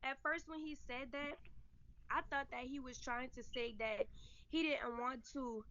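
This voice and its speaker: A woman's voice: high-pitched, fairly even intonation, a little slow, sharp tone, lo-fi sound. A woman telling her story emphatically and indignantly, often quoting what was said to her. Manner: emphatic, indignant, quotes others. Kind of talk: emotional storytelling.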